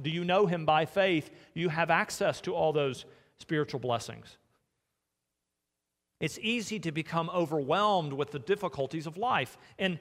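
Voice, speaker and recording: A man delivers a sermon from the pulpit, earnest and personal, often turning to ask his listeners pointed questions. His voice sits slightly high for a man. It rings out in a church with a long, trailing reverb. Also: a bit bright. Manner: earnest, asks the congregation direct questions. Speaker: pastor. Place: church sanctuary.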